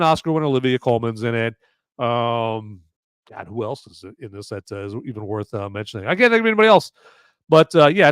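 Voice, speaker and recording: A man's voice: medium pitch, smooth, no room sound, studio quality. A man hosting a live movie review podcast in a rambling, casual way, with many fillers and restarts. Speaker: podcast host.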